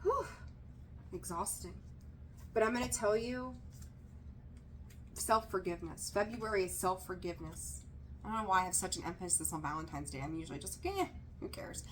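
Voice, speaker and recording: A woman's voice: fairly low pitch, a bit bright, slight background noise. Emphatic woman giving a tarot reading. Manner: direct and emphatic, repeats key phrases; candid, mildly profane asides. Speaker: tarot reader. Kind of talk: casual tarot reading to camera.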